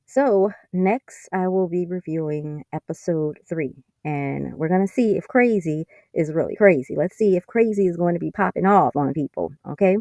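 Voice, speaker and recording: A woman's voice: lowish voice, moderate pace, hardly any pauses, warm tone, no echo. A woman recapping a TV episode in a chatty, sarcastic way, full of fillers. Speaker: TV episode reviewer. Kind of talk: casual spoken recap.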